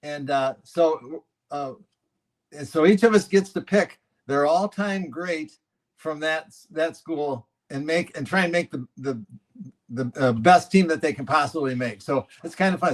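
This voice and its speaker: A man's voice: on the high side, normal speed. A man co-hosting a podcast in casual chat, explaining things in an easygoing way. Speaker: podcast co-host.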